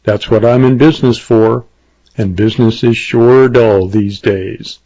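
A man's voice: medium pitch, fairly even intonation, measured pace, mellow, no room sound, natural voice. A man voicing a wary, folksy frontier hotel keeper in plain western talk. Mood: obliging. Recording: dull lo-fi dry recording.

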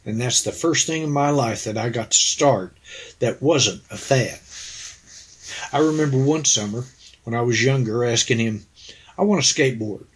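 A man's voice: mid-range voice, moderate pace, slightly rough. A man, an actor being interviewed, reflecting in an earnest, anecdotal way and quoting conversations. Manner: earnest, anecdotal, quotes people in dialogue. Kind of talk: reflective storytelling.

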